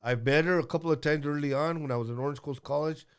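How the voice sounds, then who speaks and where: A man's voice: a little high, fast, clean tone. A man in his sixties telling a rambling story as a guest, blunt and profane, with lots of fillers and restarts. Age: 60s.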